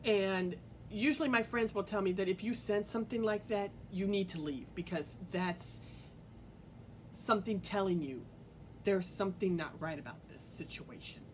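A woman's voice: mid-range voice, normal speed, slight background noise, low-quality recording. A woman vlogger telling a personal story to her viewers in an earnest, rambling way full of fillers and restarts. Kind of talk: casual personal storytelling to camera.

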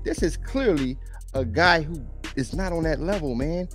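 A man's voice: a little high, normal speed, a bit bright, soft background music. A man hosting a podcast, reacting to clips in a blunt, preachy way. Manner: blunt, preachy, repeats and quotes. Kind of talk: reaction commentary.

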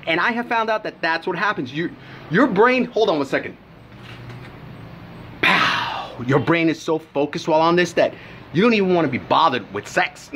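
Young guy ranting about supplements, swears a lot, talks super fast, highish voice, faint room hum. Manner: brash and profane, animated storytelling. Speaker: supplement reviewer. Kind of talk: casual vlog review.

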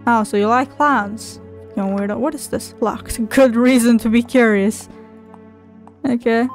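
A woman voices a video game's dialogue during let's play commentary, her slightly high voice fairly even in intonation and measured in pace. She swears and giggles through sassy asides while faint music plays behind.

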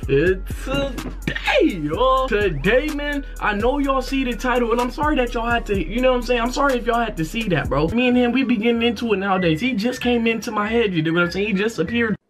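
A man's voice: extremely high pitch, fast, hardly any pauses, a bit bright, soft background music. A man hosting a casual storytime vlog, goofy and rambling, who keeps saying "you know what I'm saying.". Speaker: YouTuber.

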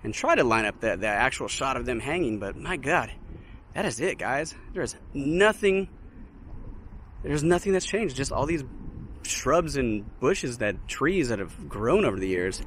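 An excited man talks his viewers through a walk by an old steel bridge, chatty and a bit breathless from the heat. His voice sits at an ordinary middle pitch, picked up on a handheld mic. Faint outdoor noise runs underneath. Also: moderate pace. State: slightly out of breath. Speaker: vlogger visiting a film location. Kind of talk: casual walking vlog to camera. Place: outdoors by a steel bridge in hot dry hills.

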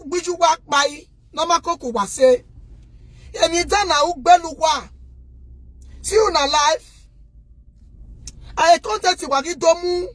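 A Nigerian woman rants straight to the camera with a very high, piercing voice. She scolds loudly and indignantly and keeps turning to her viewers to take her side. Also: slight background noise. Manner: scolding, loud and indignant, addressing viewers directly. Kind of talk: impassioned rant to the camera.

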